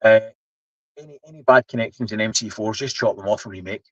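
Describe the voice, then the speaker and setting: A man's voice: fairly low pitch, fairly even intonation, fast, no room sound, dull audio. A man in his seventies with a Scottish accent, chatting casually on a live stream, explaining things while he reads the chat. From Scotland. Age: 70s. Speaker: livestream host.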